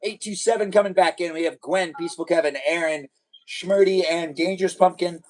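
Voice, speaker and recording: A man's voice: a little high, a little fast, poor audio. A man hosting a casual live stream guest night, easygoing, laughing often and asking his guests questions. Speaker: livestream host.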